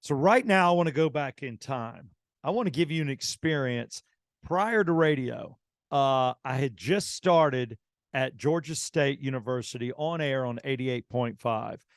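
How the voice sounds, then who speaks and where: A middle-aged man, hosting a radio show and telling an anecdote in a casual, animated way, acting out the dialogue. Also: medium pitch, unhurried, dry recording, clean studio sound. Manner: animated anecdote teller, acts out quoted dialogue. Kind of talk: casual storytelling.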